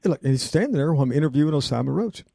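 A man, hosting a radio show and telling a rambling story in an excitable, emotional way, laughing often. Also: a little high, very fast, gravelly, no room sound, clean studio sound.

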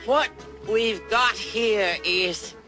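An actor playing a stern, unyielding man in authority, in a film clip with a slow, drawn-out delivery. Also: high-pitched. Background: music.

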